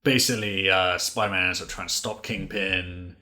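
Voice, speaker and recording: A man with a very low voice and a bright, forceful edge co-hosts a casual podcast. He rambles through his recaps, leaning on "like" and "uh" as he goes. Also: fairly even intonation, normal speed. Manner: rambling, many "like" fillers. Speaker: podcast co-host.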